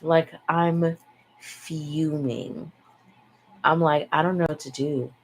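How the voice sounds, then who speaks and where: Low-voiced young woman, casual rambling chat. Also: steady tone, moderate pace, rough recording. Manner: frank, sighing, swears freely. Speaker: vlogger. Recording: faint background noise.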